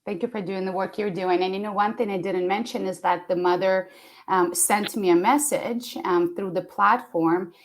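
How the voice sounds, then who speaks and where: A woman's voice: mid-range voice, steady tone, normal speed, a little hiss or hum. A woman hosting an interview, talking in an effusive, emotional way and laughing often. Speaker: podcast host. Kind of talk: conversational interview.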